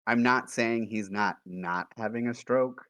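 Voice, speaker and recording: A man's voice: mid-range voice, measured pace, a bit bright, dry recording. A man playing a tabletop game in a casual, playful way, laughing between lines. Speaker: player.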